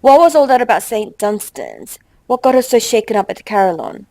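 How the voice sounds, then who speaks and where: A young woman hosting a game let's play, chatting with quick exasperated asides and reading game text aloud. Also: a little high, very animated, a little mellow, no echo, poor audio.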